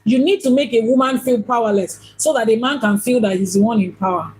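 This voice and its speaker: A woman's voice: a little high, fairly quick, darkish tone, a little hiss or hum, rough recording. A woman giving a spiritual teaching talk as an Ifá priestess, emphatic and repeating phrases for stress.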